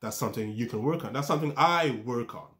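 A man talks viewers through self-improvement in an average-pitched voice. He keeps asking rhetorical questions and repeating points like a coach. He often trips over his words and starts phrases again. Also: fast, fairly bright tone. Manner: stumbles and restarts words. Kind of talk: motivational talk to camera.

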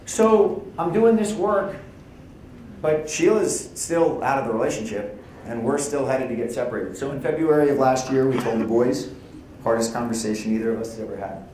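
A man's voice: medium pitch, moderate pace, a little mellow, slight background noise. A man giving opening remarks at a conference, telling personal stories in a candid, conversational way and acting out quoted lines. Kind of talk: personal keynote storytelling. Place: conference hall. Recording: very echoey hall.

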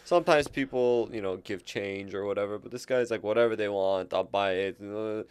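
A man's voice: on the low side, brisk, darkish tone, smooth, no echo. A man co-hosting a podcast, chatting casually and laughing often as he tells stories about customers. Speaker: podcast co-host. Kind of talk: casual chat.

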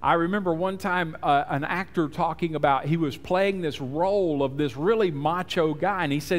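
A man's voice: a little high, expressive, a little slow, long reverb tail. A man preaching a sermon as pastor, telling stories and acting out the people he quotes. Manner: storytelling preacher, acts out quotes. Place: church sanctuary.

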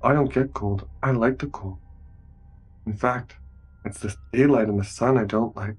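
A man voicing an ancient vampire in a young girl's body, speaking flatly and matter-of-factly. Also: mid-range voice, normal speed, slightly rough, close to an everyday voice. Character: ancient young vampire girl, cool and calm.

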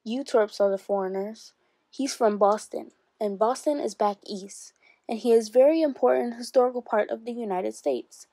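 A woman voicing a stern schoolteacher who scolds her pupils in a flat, matter-of-fact way while reading a story aloud. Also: a little high, normal speed, dry recording. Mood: scolding.

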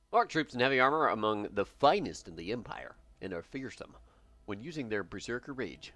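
A man streaming a game who thinks aloud and jokes as he goes. His pitch jumps around a lot and his voice is bright. The sound is dry and close. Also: fairly quick, no room sound. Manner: excitable, joking, thinking aloud. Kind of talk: live gameplay commentary.

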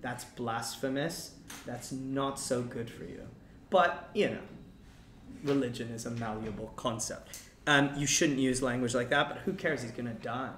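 Animated male teacher in an echoey room. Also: mid-range voice, measured pace, slight background noise. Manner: animated, acts out quoted lines. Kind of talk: classroom lecture on a play.

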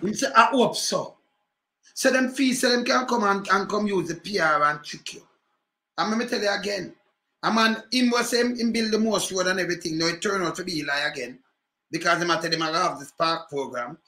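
A man's voice: high voice, fairly quick, roomy sound. A man with a Jamaican accent, commenting on politics in patois with rhetorical questions. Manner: animated patois ranting, repeated rhetorical questions.

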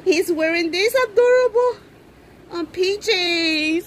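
A woman filming an unboxing vlog at home, gushing with excitement and cooing as she talks. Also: sits high, slow pace, long pauses, a little hiss or hum, poor audio. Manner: gushing, excited, coos over the doll. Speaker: reborn doll collector vlogger. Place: indoors at home.

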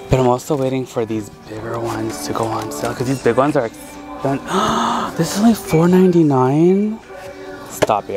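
A man chatting casually as a vlogger out thrift shopping, excitable and full of "like". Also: on the low side. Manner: excitable, chatty, heavy use of "like". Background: background music.

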